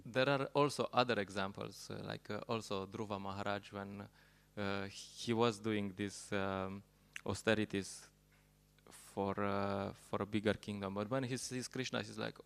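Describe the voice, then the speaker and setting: Casting: a male temple speaker, halting storyteller, deep voice with plenty of fry. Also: little pitch movement, a little hiss or hum. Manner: halting, storytelling, laughs at own jokes. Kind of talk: sermon.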